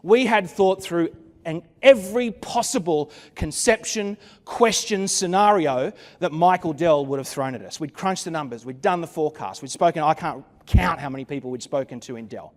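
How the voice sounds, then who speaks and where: This conference keynote comes from a man whose voice sits on the high side, delivered at a moderate pace with a big-room sound. He tells his story with drama and wry asides, speaking into a stage mic at the venue.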